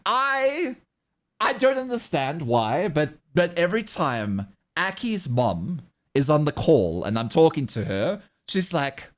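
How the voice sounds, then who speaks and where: A man's voice: medium pitch, moderate pace. A young man from South Africa with a South African accent, chatting casually and rambling with his livestream viewers. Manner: rambling, lively, laughs often.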